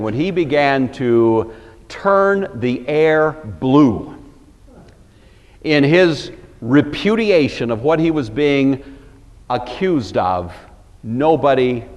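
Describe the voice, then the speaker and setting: A long reverb tail trails the medium-pitched voice of an older man from the Pacific Northwest. He teaches the Bible in an earnest, emphatic way with wry asides, using a plain American accent from his region.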